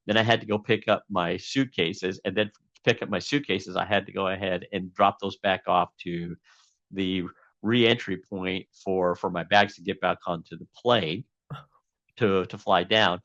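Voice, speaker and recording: A man's voice: low-pitched, fairly even intonation, moderate pace, a bit bright, no room sound, lo-fi sound. A man being interviewed as a guest, telling a long story casually with many fillers and restarts.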